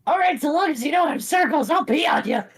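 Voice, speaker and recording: A woman voicing a loud, crude male steel bird creature who rants and insists his yelling is his normal voice. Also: sits high, animated, fast, a little hiss or hum, voice pushed up. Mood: ranting.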